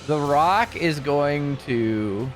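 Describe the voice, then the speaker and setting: A man runs a tabletop game as game master and describes the scene in a halting, searching way. Faint music plays underneath. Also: fairly high pitch, lively intonation. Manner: halting, descriptive narration with fillers.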